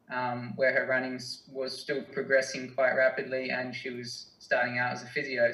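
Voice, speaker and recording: A young Australian man answering interview questions in a hesitant, halting, self-deprecating way. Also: mid-range voice, bright, forceful tone. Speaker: guest, distance runner. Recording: roomy, mic at a distance.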